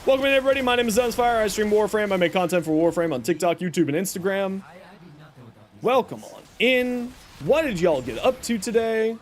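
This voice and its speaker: A man's voice: high voice, brisk, a little hiss or hum. A man live-streaming a video game, upbeat and chatty, greeting viewers and answering their questions. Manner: upbeat, greets chat warmly, baby-talks his pet.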